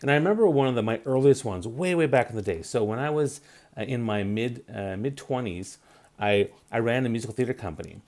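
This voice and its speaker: His voice sits mid-range, a little mellow, with lively intonation and a slightly fast pace. He's a man in his forties hosting a career-advice live stream, chatting loosely with lots of fillers and restarts.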